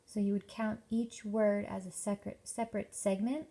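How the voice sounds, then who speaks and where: In a mellow, mid-range voice with a level tone, a young woman teacher presents an instructional workshop for parents. She takes her time, explaining carefully and offering many examples.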